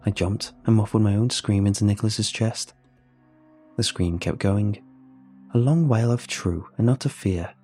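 A man narrating a first-person horror story, with steady, measured storytelling. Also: lowish voice, husky. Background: faint music.

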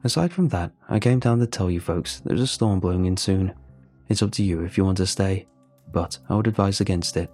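A friendly male forest ranger in a spoken horror story, easygoing and reassuring with the people he meets, as a man narrating puts him on. The voice sits low, with a dark, husky grain. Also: a little fast, soft background music.

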